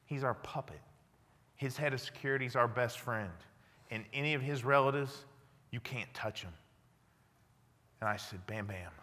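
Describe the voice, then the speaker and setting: A man, a former army interrogator, telling a story to an audience, dropping low and quiet for the quoted lines. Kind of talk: storytelling lecture. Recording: long hall reverb.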